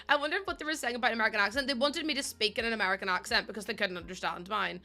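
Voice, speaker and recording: A young woman streaming a game, chatting quickly with her viewers while feeling a bit run down. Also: a little high, pushed and bright, faint music behind. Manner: fast-talking, chatty. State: under the weather, a bit run down. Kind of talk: casual live-stream chat while playing a game.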